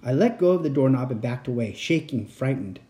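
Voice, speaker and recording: A man reading a spooky children's chapter book aloud as narrator. His delivery is steady and expressive, with a lively, rising and falling pitch and a dark, mellow tone. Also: a little fast. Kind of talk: storybook reading.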